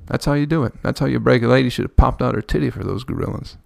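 Low gravelly guy riffing crude jokes on his podcast, dry close sound, cracks himself up. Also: racing, dry recording. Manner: rambling, profane, laughs at his own jokes. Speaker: podcast host. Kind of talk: crude comedic podcast monologue.

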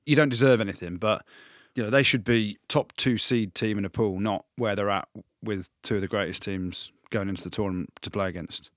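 Male podcast co-host, emphatic and jokey, low register, dry studio. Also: a little fast, hardly any pauses, fairly bright tone, no echo. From England. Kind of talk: casual sports chat.

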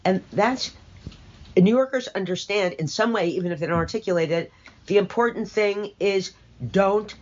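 A woman's voice: medium pitch, moderate pace, muffled recording. An older woman being interviewed, talking in an emphatic, opinionated, sardonic way with rambling asides. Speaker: interview guest. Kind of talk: conversational interview.

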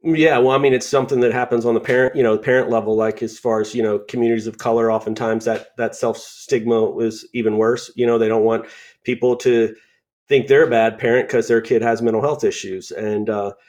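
A man's voice: mid-range voice, little pitch movement, a little fast, darkish tone. A man speaking as a guest on a mental health panel, conversational and peppered with fillers. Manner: conversational, many "you know" fillers. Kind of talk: panel discussion.

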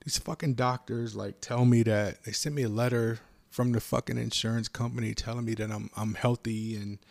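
A man with a heavily gravelly, fry-laden voice, talking haltingly and repeating himself. He often sinks into breathy, unvoiced whispers and sounds shaken and confused. His pitch sits at an ordinary middle level. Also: fairly even intonation, no echo. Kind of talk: distressed personal confession.

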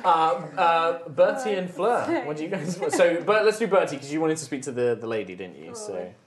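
A man narrating a tabletop game as game master, animated and often laughing. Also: a little high, fairly quick, a crowd in the background. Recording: echoey room.

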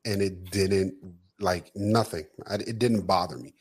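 A man with a lowish voice co-hosting a podcast. He talks unhurriedly but tells stories with energy and frequent laughs, swearing freely as he goes. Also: a little slow. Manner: animated storyteller, profane, laughs often. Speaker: podcast co-host. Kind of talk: casual chat.

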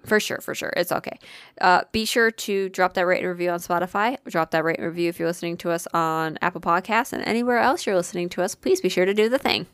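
A woman's voice: fairly low pitch, fast, fairly bright tone, clear, resonant tone, no room sound, studio quality. A woman co-hosting a podcast, doing sign-off plugs in easygoing casual chat. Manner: reactive, laughing asides. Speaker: podcast co-host.

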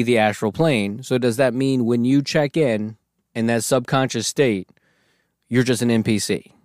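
A man in casual podcast chat, thinking out loud and asking his co-host questions. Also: medium pitch, no room sound, studio quality.

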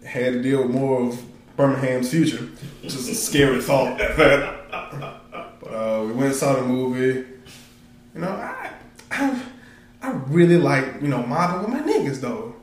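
A man's voice: medium pitch, animated, a little slow, pauses often, roomy sound. A man co-hosting a podcast, joking around in casual, slangy banter, recorded on a stand mic in a small studio. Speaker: podcast co-host.

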